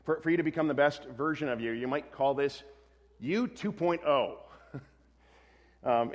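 A pastor giving a sermon in a relaxed, conversational way, often correcting himself and adding light humor. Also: male voice, medium pitch, big-room sound.

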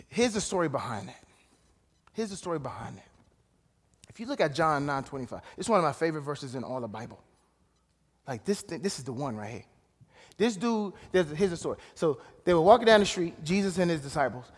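A man preaching a sermon, casual and direct, dropping to low asides and rising to shouted emphasis. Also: breathy edge. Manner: casual, calls out to listeners. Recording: long hall reverb.

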